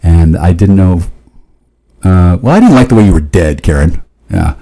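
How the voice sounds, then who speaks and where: A man in a rambling, profane monologue, often restarting and jumping suddenly up in pitch. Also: expressive, normal speed, warm tone, low-quality recording.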